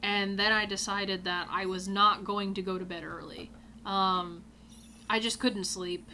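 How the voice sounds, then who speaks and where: A woman hosting a gaming video, telling a casual anecdote in an animated way, swearing freely and acting out quotes with loud cries. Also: mid-range voice, measured pace, a little hiss or hum.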